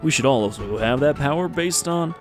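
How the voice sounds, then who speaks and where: A man's voice: mid-range voice, animated, fairly quick, music in the background, voice pushed up, close to an everyday voice. A man voicing a blunt, tough male police officer who talks in a brusque, casual way.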